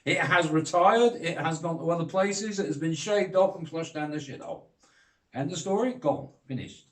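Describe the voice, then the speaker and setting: Older british bloke ranting and swearing, high voice, echoey room. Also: male voice, moderate pace. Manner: sweary, blunt, heated. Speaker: vlogger. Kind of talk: ranting monologue.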